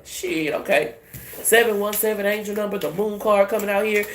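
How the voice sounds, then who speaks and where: A woman giving a casual tarot reading in a brash, profane, animated way. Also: mid-range voice, normal speed, echoey room, slight background noise. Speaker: tarot reader.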